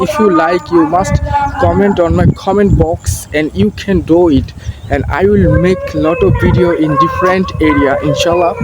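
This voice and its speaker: High-voiced Bangladeshi man vlogging outdoors. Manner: earnest, halting learner's English with restarts. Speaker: vlogger practicing English. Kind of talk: casual walking vlog. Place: outdoors by paddy fields and a canal. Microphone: phone on a selfie stick. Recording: noisy outdoor phone recording.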